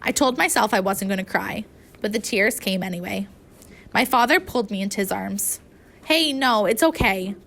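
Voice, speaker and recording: Woman, audiobook narrator, first-person reading, emotional, expressive. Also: mid-range voice, brisk, creaky.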